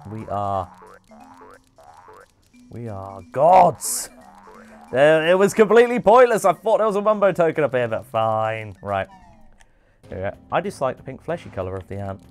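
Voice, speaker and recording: Excitable man commentating gameplay. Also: fairly low pitch, soft background music. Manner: excitable, chatty, quick exclamations and cheers. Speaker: streamer hosting a speedrun.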